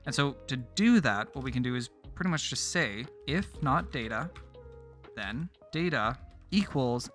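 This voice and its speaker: A man talks through a coding tutorial in a bright, forceful voice, taking each step in turn with the odd casual "uh" or "whoops". Faint guitar music plays softly behind him. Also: medium pitch. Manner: steady step-by-step explaining with casual fillers. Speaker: tutorial host. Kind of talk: screen-recorded coding tutorial.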